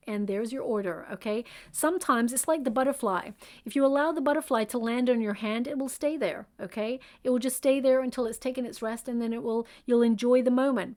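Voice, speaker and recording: Woman tarot reader, slightly high voice, soothing and reassuring, loose conversational delivery. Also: a little mellow. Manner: soothing, reassuring, with frequent fillers and "okay?" check-ins. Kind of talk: spoken tarot reading.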